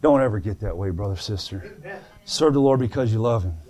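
A man preaching a sermon that answers written questions, telling folksy stories in plain speech and swinging between soft pleading and fervent calls. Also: on the low side, expressive, fairly quick. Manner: folksy plain-spoken storytelling.

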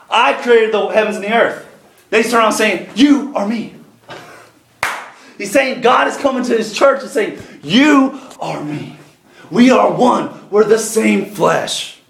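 A man's voice: high-pitched, reverberant. A man preaching a sermon, reading scripture aloud and driving his points home with rising emphasis.

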